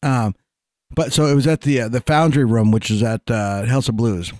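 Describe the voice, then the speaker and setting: A man from Vermont telling a profane, animated story in casual podcast chat. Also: mid-range voice, moderate pace, no echo, clean studio sound.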